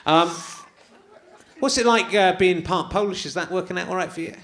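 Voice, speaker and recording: A man's voice: high-pitched, normal speed, a bit bright. A man hosting a live comedy podcast on stage, with a wry, teasing, self-mocking way of talking. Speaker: podcast host. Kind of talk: comic chat on stage. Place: live theatre stage before an audience.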